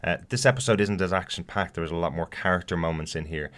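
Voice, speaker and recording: A man's voice: low voice, fairly even intonation, quick pace, a bit bright. A man co-hosting a podcast, chatting casually about a TV episode with frequent fillers and restarts. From outside the US. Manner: hesitant, many fillers and restarts. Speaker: podcast co-host. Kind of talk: casual TV review chat.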